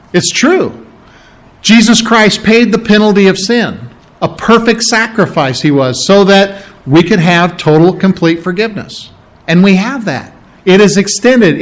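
A man preaching a sermon, working verse by verse through scripture, repeating key phrases and asking rhetorical questions. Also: high voice.

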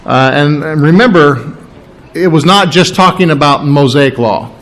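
An earnest male pastor working through a Bible passage in a sermon. His voice sits a little high for a man, and he leans hard on key phrases, saying them twice. He talks in an unscripted way, with restarts as he goes. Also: measured pace, fairly bright tone, rough recording. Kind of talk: expository sermon.

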